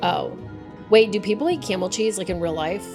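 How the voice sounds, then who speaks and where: A woman's voice: mid-range voice, expressive, normal speed, over music. A woman streaming a game live, chatting and thinking aloud with many fillers.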